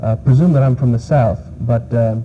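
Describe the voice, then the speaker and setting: A man's voice: medium pitch, moderate pace. A man from New York, an English teacher answering interview questions, hesitating often with uh and um. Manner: hesitant, many fillers. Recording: muffled archival TV audio, faint hiss.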